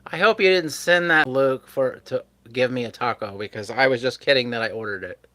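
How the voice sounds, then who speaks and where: A man's voice: medium pitch, a little fast, sharp tone, no echo. A man hosting a live stream, chatting casually with his viewers and chuckling often. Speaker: livestream host.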